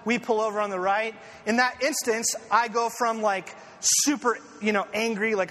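A man preaching a conversational sermon, an animated, self-deprecating storyteller who leans on fillers and asides. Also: sits high, moderate pace. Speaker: pastor. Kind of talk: conversational sermon with personal stories. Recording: echoey hall with faint ambient noise.

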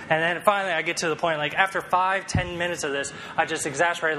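A man's voice: fairly high pitch, a little fast, bright, forceful tone, slight background noise. Man preaching in an echoey church. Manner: conversational storytelling with self-deprecating humor. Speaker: pastor. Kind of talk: sermon.

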